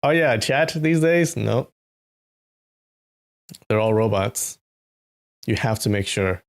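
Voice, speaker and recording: Here a live-stream host reading a novel speaks slowly in a mid-range voice. Chatty and relaxed, he welcomes viewers by name and breaks off for animated asides.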